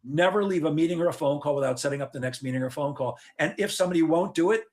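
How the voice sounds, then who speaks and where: A man giving sales advice in a conversational interview, animated and joking, acting out sales calls as he tells them. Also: on the high side, rapid-fire. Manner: joking, facetious asides. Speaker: sales trainer guest.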